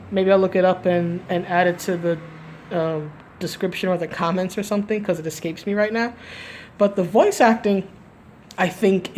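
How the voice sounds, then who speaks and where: A woman's voice: medium pitch, a little mellow, slight background noise. A woman giving casual opinion commentary for a gaming video, rambling, restarting her sentences and tagging them with "right?". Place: at home, recorded live.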